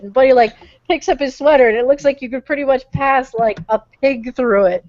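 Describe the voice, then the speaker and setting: High-voiced, chatty woman. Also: a little fast. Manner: chatty and amused, swears casually. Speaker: podcast co-host. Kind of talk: casual chat. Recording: dull lo-fi podcast audio.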